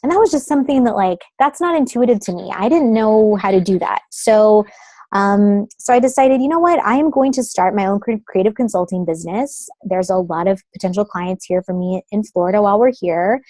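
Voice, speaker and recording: A chatty woman in her thirties tells her story as an interview guest, her voice mellow and warm. She leans on "like" and "um" as she talks over a phone call, and the sound is dry and close, with no room around it. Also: mid-range voice, brisk, no echo. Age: 30s. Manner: chatty, uses many fillers like "like" and "um". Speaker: guest, creative consultant.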